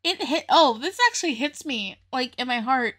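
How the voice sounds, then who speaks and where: A woman's voice: sits high, animated, moderate pace, fairly bright tone. A young woman hosting a casual music reaction video, chatty and openly emotional, often laughing as she talks.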